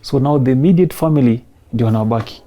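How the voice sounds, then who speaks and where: A man in his thirties with a Kenyan accent, telling his personal story in an emotional, soft-spoken way and mixing in Swahili phrases. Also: mid-range voice, fast talker. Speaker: interview guest.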